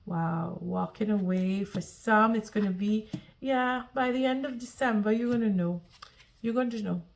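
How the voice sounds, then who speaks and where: A woman's voice: mid-range voice, normal speed, creaky, a little hiss or hum. Earnest woman giving a tarot reading. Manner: earnest, reassuring, repeats and restarts phrases. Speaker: tarot reader.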